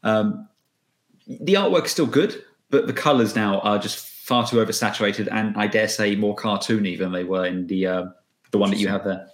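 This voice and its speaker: A man guesting on a podcast, talking in a relaxed, rambling way about a comic book. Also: fairly low pitch, moderate pace, echoey room. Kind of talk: casual podcast chat.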